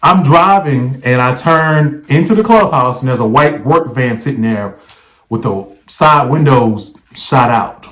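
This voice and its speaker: Man, vlogger, casual storytelling, conversational, mid-pitched voice. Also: animated, unhurried, a bit bright, poor audio. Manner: conversational, checks in with the viewer by asking "right?". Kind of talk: casual first-person storytelling.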